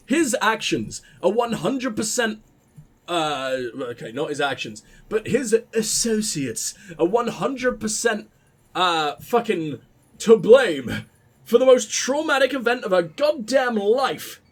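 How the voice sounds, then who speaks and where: Foul-mouthed gushing gaming host. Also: male voice, high voice, sing-song, takes it slowly, slightly rough. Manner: profane, gushing, rambling. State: tired after a late night. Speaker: let's play host. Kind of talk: video game commentary.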